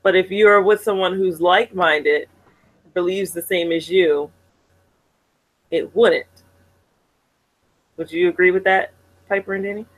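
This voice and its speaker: A woman co-hosting a casual chat show, reading viewer comments and telling stories in a candid, animated way. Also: lowish voice, a little slow, long pauses, low-quality recording. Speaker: podcast co-host.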